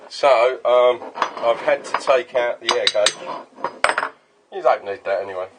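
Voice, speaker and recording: A man's voice: medium pitch, measured pace, very noisy. A man, talking casually in his workshop vlog, rambling off on tangents and swearing freely as he works. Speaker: workshop owner making custom paintball guns. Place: workshop with a milling machine.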